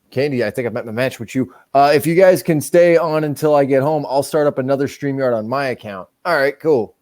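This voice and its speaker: A man's voice: mid-range voice, darkish tone. A man from New Hampshire hosting a casual livestream, profane, joking and boastful. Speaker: livestream host.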